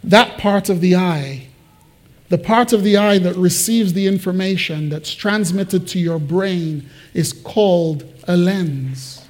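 A man with a high voice preaches slowly as pastor, asking his congregation questions. He alternates loud emphasis with quiet, confiding personal remarks.

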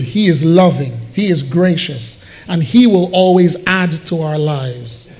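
High-voiced pastor preaching emphatically. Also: male voice, a little mellow. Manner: emphatic, repetitive preaching, addressing the congregation. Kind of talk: sermon.

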